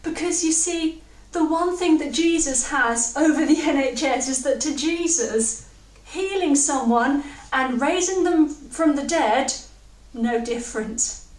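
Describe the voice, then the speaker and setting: A high-voiced woman gives a slow, earnest sermon in a church. Her voice echoes around the room and sits some way off the mic. She is reflective and leans on key words. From England. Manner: reflective, earnest preaching with slowed emphasis. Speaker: preacher. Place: church hall. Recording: roomy, distant mic.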